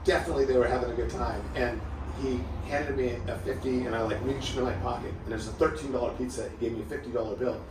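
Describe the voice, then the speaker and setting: A man's voice: medium pitch, fast talker, hardly any pauses. A man in his fifties from southern California, a podcast guest telling stories in a loose, rambling way full of "like". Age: 50s. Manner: loose and rambling, lots of filler "like". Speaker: podcast guest, former pro surfer. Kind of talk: relaxed storytelling. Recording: roomy echo, distant mic, steady noise.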